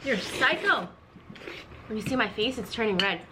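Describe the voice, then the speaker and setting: A woman's voice: a little high, lively intonation, moderate pace, background noise. A young woman co-hosting a casual home vlog, bantering and teasing playfully at a table. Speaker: vlogger co-host.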